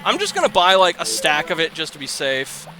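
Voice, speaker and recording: Young guy rambling through a game, high bright voice, swears a lot, light hiss behind. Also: wildly swooping pitch, a little fast. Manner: rambling, profane, swings into exasperated shouting and laughter. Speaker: let's play host. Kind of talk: casual gameplay commentary.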